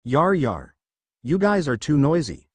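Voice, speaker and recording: A man's voice: medium pitch, very animated, moderate pace, a little mellow, husky, no room sound. A man voicing an overpowered young demon king who talks in a lazy, teasing, offhand way.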